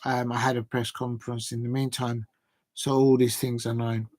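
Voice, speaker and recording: A man's voice: mid-range voice, flat delivery, normal speed, darkish tone, dry recording. Guy rambling thru football news, lots of ums, dry close sound. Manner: chatty, hesitant, many fillers, reads quotes aloud. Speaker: football show host. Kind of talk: live transfer news talk show.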